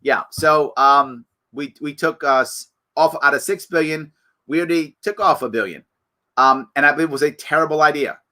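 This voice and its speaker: Man, middle-aged, political show host; bright, fairly high voice, emphatic and animated, hammering rhetorical questions. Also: normal speed. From New York. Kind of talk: live political commentary.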